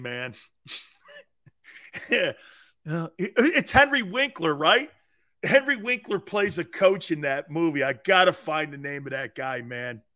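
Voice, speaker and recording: A middle-aged American man hosting a sports radio show, brash and laughing, swinging from shouting to muttering as he swears and riffs. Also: high-pitched. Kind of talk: loud casual sports talk.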